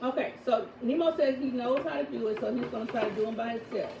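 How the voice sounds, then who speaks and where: A woman in her thirties leads a home grammar lesson in a firm, deliberate way, her voice pitched high. The recording is roomy and echoey, caught from a distance. A steady background noise sits under her speech. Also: vocal fry. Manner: firm, slow and deliberate when reading sentences aloud. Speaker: homeschooling mother teaching her children. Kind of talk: classroom instruction. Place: home table with children. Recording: echoey room, mic far off, background noise.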